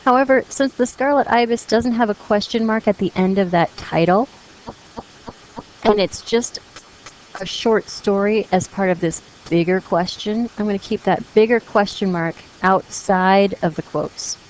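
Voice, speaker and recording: A woman's voice: mid-range voice, measured pace, low-quality recording. A woman teacher explaining punctuation rules to her class in a patient, encouraging way, reading example sentences aloud. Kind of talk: classroom grammar lesson.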